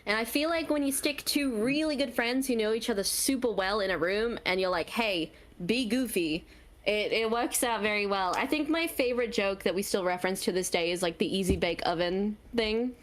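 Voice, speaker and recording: A woman's voice: mid-range voice, normal speed. A woman with an Australian accent, a voice actor answering convention panel questions in a bubbly way, laughing and repeating herself for emphasis. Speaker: voice actor guest.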